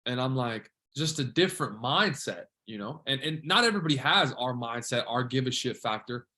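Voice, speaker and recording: A man's voice: medium pitch, expressive, moderate pace, bright, forceful tone. A man hosting a podcast, chatting casually and earnestly with his guest, swearing freely and calling him bro. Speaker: podcast host.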